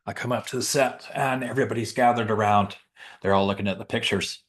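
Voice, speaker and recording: A middle-aged man who works as a Santa, telling a heartfelt story with pauses, restarts and emotion. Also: on the low side, steady tone. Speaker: professional Santa performer. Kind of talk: heartfelt storytelling in a group chat.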